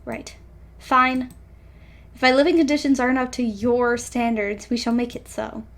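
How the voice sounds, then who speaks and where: A woman's voice: fairly high pitch, level tone, normal speed, lightly acted. A woman voicing a fussy, proper male inventor, reading a visual novel aloud in a formal, clipped way. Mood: stern.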